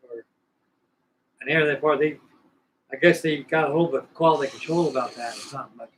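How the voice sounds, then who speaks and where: A man's voice: a little high, a little fast, pauses often, a bit bright, a little hiss or hum, poor audio. An older man in his sixties telling a long, rambling, folksy story while building a model kit, often repeating himself. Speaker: scale model builder hosting a live stream. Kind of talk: casual storytelling chat.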